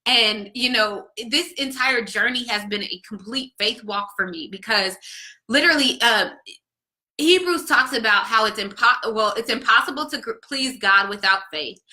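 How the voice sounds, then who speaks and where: A woman's voice: fairly high pitch, sharp tone. A young woman vlogger talking earnestly and emotionally to her viewers about faith, with many restarts. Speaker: vlogger and faith-based business coach. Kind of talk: casual heartfelt talk to camera.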